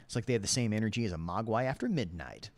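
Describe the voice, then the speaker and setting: A man's voice: vocal fry, no echo. Lisping man chatting on a livestream. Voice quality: lisp. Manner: rambling, self-deprecating, quick to laugh; animated, swings between low and high tones. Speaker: YouTube creator answering viewer questions. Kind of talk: casual livestream Q&A.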